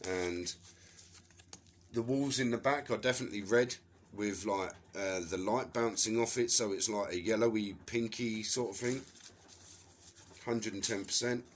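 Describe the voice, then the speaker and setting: A man's voice: on the low side, measured pace, slight background noise, rough recording. Angry swearing Englishman ranting. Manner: angry, profane, accusatory ranting. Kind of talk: rambling monologue to camera.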